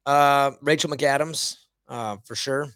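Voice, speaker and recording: A man's voice: medium pitch, fairly even intonation, takes it slowly, a bit bright, clear, resonant tone. A young man, a musician guest, chatting in an easygoing way and laughing along. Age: young adult. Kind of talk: casual chat.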